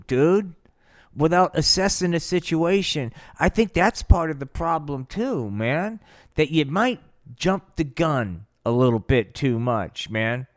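A man improvising a comedy story on his podcast, rambling and swearing, with slang all through it. His voice sits a bit high, and the sound is dry and close to the mic. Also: no room sound. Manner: profane, rambling, full of slang. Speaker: podcast host.

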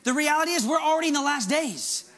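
A male pastor preaching a fervent, animated sermon. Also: very high-pitched, fast.

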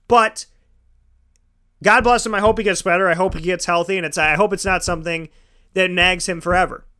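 A male show host with a high-pitched, bright, pushed voice that sounds clear and resonant rants about football. His opinions come out emphatically, with repetition used for effect.

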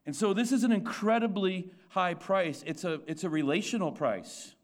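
A man's voice: high-pitched, moderate pace. A male pastor preaching a sermon to his congregation, asking rhetorical questions, repeating his points and restarting phrases as he goes.

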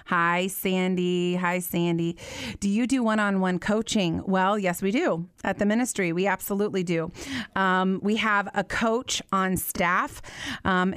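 A woman's voice: on the low side, clean tone, no room sound, studio quality. A woman in her thirties hosting a live Q&A chat, talking earnestly and animatedly, with lots of fillers. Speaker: host.

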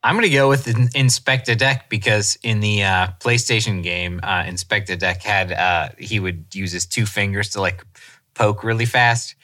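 A man's voice: on the low side, steady tone, moderate pace, sharp tone. A man co-hosting a casual podcast chat in a jokey way, often slipping into silly mocking voices. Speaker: podcast co-host.

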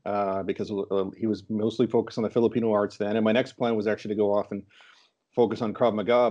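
A man introducing himself as a podcast guest, casual and hesitant, with lots of pauses and fillers. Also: on the low side, warm tone, muffled recording. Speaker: podcast guest, martial arts instructor.

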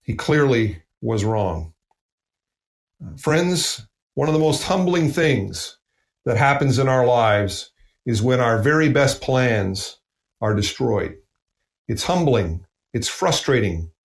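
A man from the United States delivers a sermon, earnest and emphatic, leaning on repeated phrases to drive his points home. His voice sits at an ordinary middle pitch. The room around him rings with a noticeable echo. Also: lively intonation, slow, vocal fry, pauses often. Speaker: preacher.

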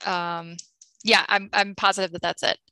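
A woman playing a quiz game, hesitant and thinking out loud as she guesses. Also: mid-range voice, level tone, moderate pace, clean tone, dry recording. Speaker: quiz contestant. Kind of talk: casual game chat.

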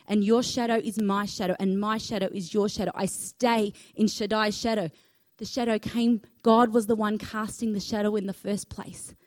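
A woman's voice: a little high, no room sound. A woman pastor, preaching a sermon in an earnest, emphatic way, repeating key phrases and inviting the congregation to speak along.

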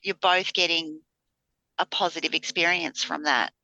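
Bright, dry-voiced woman podcast host. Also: deep voice, fairly even intonation, moderate pace, gravelly, dry recording, poor audio. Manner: rambling, many fillers and restarts. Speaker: podcast co-host, spiritual healer. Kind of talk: casual chat.

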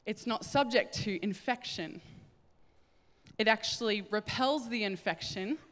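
A woman preaching a sermon, telling a Bible story in an animated way and acting out the voices. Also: medium pitch, measured pace. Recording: hall reverb.

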